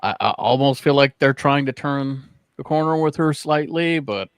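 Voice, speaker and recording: A man's voice: mid-range voice, moderate pace, clear, resonant tone, dry recording. A man on a casual review panel, speaking hesitantly and restarting his sentences. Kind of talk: casual chat.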